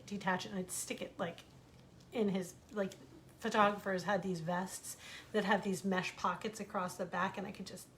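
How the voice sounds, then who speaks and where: A middle-aged American woman, an author reading her stories online, chats casually from home and acts out the voices of the people she quotes. Her mid-range voice is a bit bright, and there's slight background noise.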